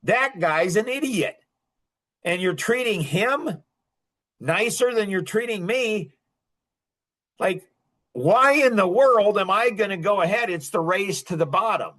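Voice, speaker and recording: A man's voice: high-pitched, animated, a little slow, pauses often, a bit bright. A middle-aged man hosting a podcast, talking in an impassioned, repetitive monologue and breaking into short laughs. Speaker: podcast host.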